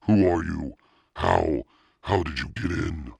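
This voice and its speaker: A man's voice: a bass voice, measured pace, creaky, sharp tone, husky, dry recording, voice pushed up, exaggerated voice. A man voicing a frightened young boy in a bug costume, crying out in panicked pleas. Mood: terrified. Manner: panicked pleading cries.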